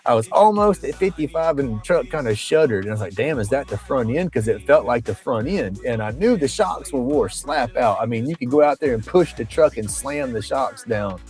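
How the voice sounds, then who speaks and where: A man's voice: medium pitch, expressive, a little fast, hardly any pauses, a little mellow. Brief: livestream host, man, casual and profane storyteller, faint background music. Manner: rambling, colloquial, profane, with Southern phrasing.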